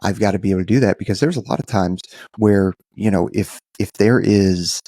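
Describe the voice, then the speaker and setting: A man's voice: lowish voice, a little fast, dark tone, dry recording, clean studio sound. A man co-hosting a podcast in casual, rambling chat, restarting his sentences often. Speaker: podcast co-host.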